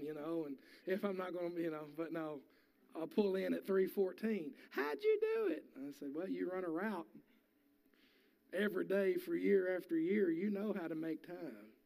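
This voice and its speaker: A pastor preaches to his church in a high, gravelly voice. His folksy sermon builds into fervent preaching. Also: dark tone. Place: church sanctuary.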